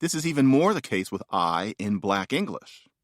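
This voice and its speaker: Male author-narrator, playful and wry, very lively intonation, dry close studio sound. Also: lowish voice, normal speed, no room sound. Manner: wry, playful, conversational asides. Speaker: author reading his own book. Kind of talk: nonfiction audiobook narration.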